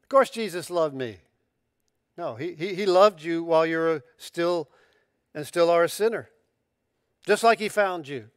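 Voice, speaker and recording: A man preaching a sermon in an easygoing, conversational manner, his voice sitting a little high for a man. He restarts phrases and throws in casual slang, then lifts into bursts of emphatic excitement. The sound is close and dry. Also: normal speed, clean tone, no room sound. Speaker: pastor.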